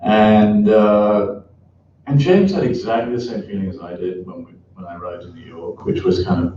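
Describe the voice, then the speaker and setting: A middle-aged man, speaking as an author in a reflective interview, frank and thoughtful with many pauses and restarts. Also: fairly low pitch, expressive, mellow, a little hiss or hum. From England. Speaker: author and columnist. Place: event hall before an audience. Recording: echoey, distant, dull event recording.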